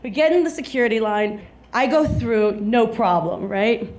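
Performing stand-up before a live audience, a South Texas woman in her thirties tells a story with chatty, laughing energy. Her voice is fairly high, animated, and darkish in tone at a moderate pace, with the crowd's laughter in the background.

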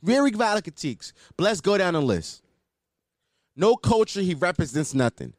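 Animated man ranting with a lively, high voice. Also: moderate pace, dry recording, clean studio sound. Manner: animated, profane, argumentative. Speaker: commentary host. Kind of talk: reaction commentary rant.

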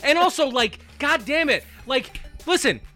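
A man's voice: very high voice, animated, a little slow, bright, forceful tone, soft background music. A man ranting on a sports podcast, heated and mocking, swearing constantly. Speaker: podcast panelist. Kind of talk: profane postgame rant.

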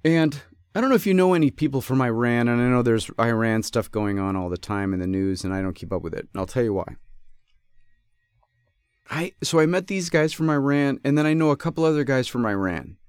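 A man hosting a podcast, talking in a rambling and animated way. He stops and corrects himself often as the story goes on. His voice sits at an everyday middle pitch and sounds dry and close to the mic. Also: fairly quick, clean tone, no room sound. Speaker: podcast host. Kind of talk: casual storytelling.

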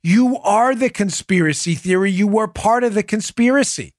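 A man's voice: sits high, normal speed, no echo, clean studio sound. A male podcast host giving mocking political commentary, reacting to clips with sarcasm and laughter.

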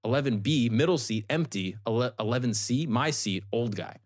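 A male comedian telling an animated story in a casual podcast chat, acting out the people in it. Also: medium pitch, moderate pace. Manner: animated, acts out voices, swears.

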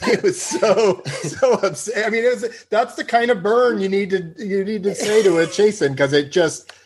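A man's voice: high-pitched, moderate pace, husky. A man guesting on a comedy podcast, amused and laughing through his point. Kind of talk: casual comedic chat.

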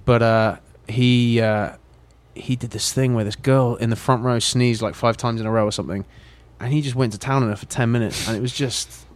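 A British man chatting casually on a podcast, telling animated stories with quick asides. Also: medium pitch. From Britain. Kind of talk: casual chat.

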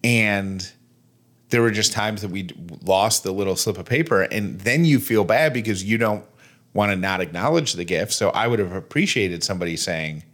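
A man's voice: fairly low pitch, normal speed, a bit bright. A man in his thirties co-hosting a podcast in casual chat, playful and jokey. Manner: jokey, playful, puts on a mock Australian voice. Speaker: podcast co-host.

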